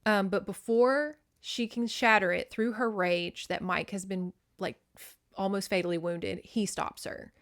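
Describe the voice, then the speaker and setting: A woman's voice: mid-range voice, steady tone, measured pace, a bit bright. Female podcast host, mid-range voice, loose and profane, recaps a book with plenty of filler words. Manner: chatty and profane, with lots of "like" fillers.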